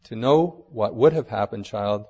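A man reading a grave, gentle great lion. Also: fairly low pitch, breathy edge, big-room sound, highs cut off. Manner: calm, gentle, measured.

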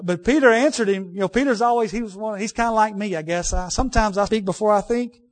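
A man preaching a sermon in a conversational way, repeating key phrases for emphasis and turning to folksy asides with the congregation. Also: high-pitched.

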